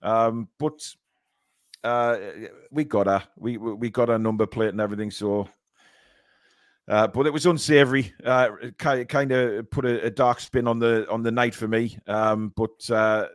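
A man with a mid-range voice speaks at a normal speed in a steady tone, recorded with studio quality and no room sound. He co-hosts a football fan show on a casual live stream, sounding sore and a little shaken, hesitating with lots of ums and repeated words.

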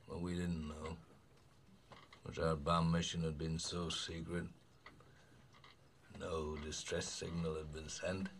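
An actor playing a grizzled old sea captain telling a grim shark story in a film monologue, with a slow drawl. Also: male voice, a bass voice, little pitch movement, a little hiss or hum, full character voice. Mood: grim, haunted. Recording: distant film audio with faint ambience.

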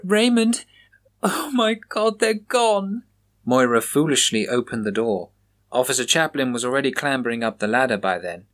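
A man's voice: medium pitch, fairly bright tone. Man narrating a horror story.

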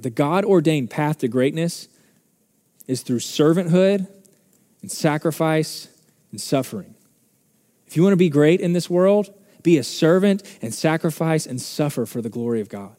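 Fervent preaching man, mellow voice. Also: fairly high pitch, animated, moderate pace, in a large hall. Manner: impassioned, building to fervent peaks. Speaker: pastor. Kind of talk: sermon. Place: church sanctuary.

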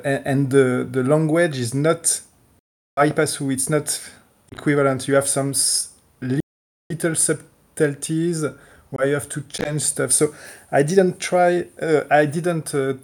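A man in a casual online tech call, talking haltingly with many restarts. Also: a little high, fairly even intonation. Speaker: community contributor.

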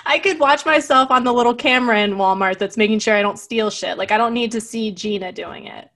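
A woman's voice: on the high side, a little fast, fairly bright tone. A woman co-hosting a casual podcast, chatty and emphatic, who laughs often. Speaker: podcast co-host.

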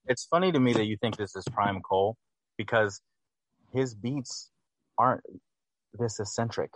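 A man's voice: fairly low pitch, normal speed, fairly bright tone, no room sound. A man co-hosting a casual album review, critical and hesitant, correcting himself often.

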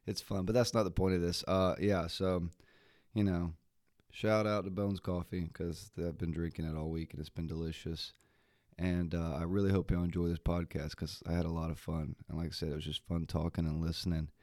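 A man with a very deep, groggy morning voice hosts his podcast in a loose, rambling way, full of fillers and restarts. The recording is dry and close, with no room sound around him. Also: little pitch movement, fairly quick, a little mellow, dry recording. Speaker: podcast host. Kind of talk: casual podcast intro.

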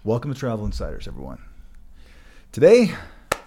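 A man's voice: lowish voice, wildly swooping pitch, moderate pace, warm tone, slightly rough. A man co-hosting a podcast in casual chat, dry and teasing, with rambling sentences. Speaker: podcast co-host.

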